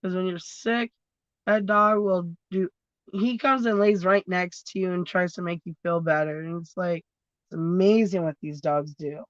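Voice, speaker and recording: A woman's voice: lowish voice, steady tone, normal speed, dry recording. A woman hosts a loose livestream chat from her phone, drifting from topic to topic, cursing freely and laughing as she goes. The sound is dull and lo-fi, and the room is dry and close. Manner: rambling, swears freely, laughs often. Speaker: livestream host.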